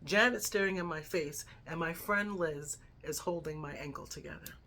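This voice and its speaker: A woman in her fifties telling a personal story in a chatty, animated way, often checking in with "right?". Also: low-pitched, moderate pace. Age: 50s. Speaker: lifestyle vlogger.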